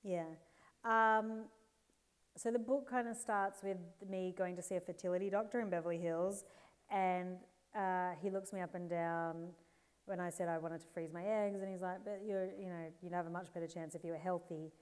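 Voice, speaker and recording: An Australian woman in her forties, a guest author telling candid, animated stories on a live stage, laughing and putting on playful voices. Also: lowish voice, moderate pace, clean tone. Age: 40s.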